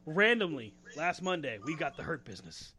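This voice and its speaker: A man's voice: on the high side, sing-song, a little fast, pushed and bright, slight background noise. A man co-hosting a casual podcast chat, joking and laughing often. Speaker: podcast co-host.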